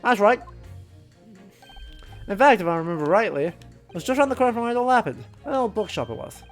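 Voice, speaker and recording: A streamer reading a game aloud and voicing a blunt, impatient working-class male juror, loud and gruff. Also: medium pitch, big pitch swings, fast, faint music behind. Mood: aggrieved.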